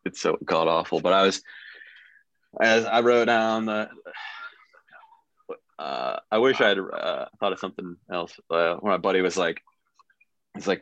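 A man's voice: sits low, a little slow, pauses often, a bit bright, no room sound, dull audio. A man, a guest on an interview, telling stories in a laid-back, joking way. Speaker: guest recovering from a gunshot wound. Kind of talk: casual podcast interview storytelling.

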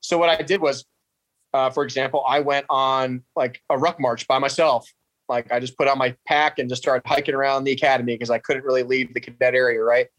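A man's voice: medium pitch, fairly even intonation, a little fast, fairly bright tone, no room sound. A man in his thirties, a podcast guest, telling his story bluntly and animatedly, swearing freely. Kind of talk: casual storytelling interview.

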